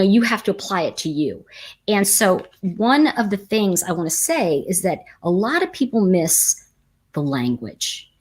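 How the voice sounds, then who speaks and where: A middle-aged woman teaches tarot casually as she hosts a live chat, telling stories and reading viewer comments aloud in a chatty way. Her voice is on the low side with a breathy edge.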